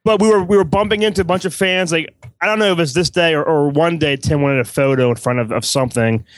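A man's voice: on the high side, fast, no echo. A man co-hosting a podcast in casual chat over a video call, rambling and repeating himself, with some swearing. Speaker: podcast co-host.

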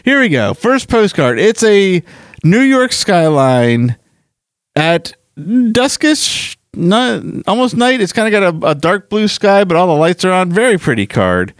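A man's voice: high voice, sing-song, unhurried, dry recording, clean studio sound. A man hosting a podcast in casual chat, rambling and self-deprecating as he goes through listener mail. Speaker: podcast host.

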